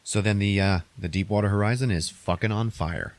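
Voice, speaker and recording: A man's voice: fairly low pitch, fairly quick, no room sound. A man casually recapping a movie on a podcast, rambling and profane, acting out characters' lines in a raised voice.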